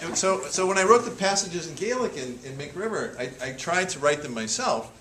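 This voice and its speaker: A man's voice: a little high, expressive, brisk. A man giving a humorous storytelling talk to a live audience. He laughs often and repeats words as he restarts his sentences. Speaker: author giving a public talk. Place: senior center hall with an audience. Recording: echoey hall, loud audience laughter and noise.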